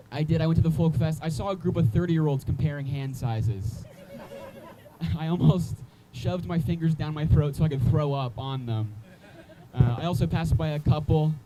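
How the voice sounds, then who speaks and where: Sardonic stand-up comic with a mellow voice. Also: male voice, a little high, low-quality recording. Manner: sardonic, exasperated rants with crude jokes. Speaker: stand-up comedian. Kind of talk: stand-up set. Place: comedy club stage.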